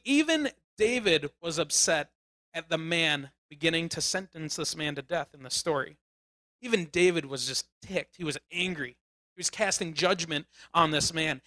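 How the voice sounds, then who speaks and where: High, bright-voiced male preacher. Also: no room sound. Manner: casual, animated storytelling with rising emphatic bursts. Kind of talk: sermon.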